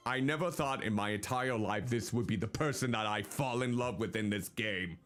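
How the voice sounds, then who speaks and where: A VTuber streamer plays a life-sim game, chatting casually and animatedly addressing the on-screen characters. His voice is lowish, at a moderate pace with few pauses, and faint game music plays behind him.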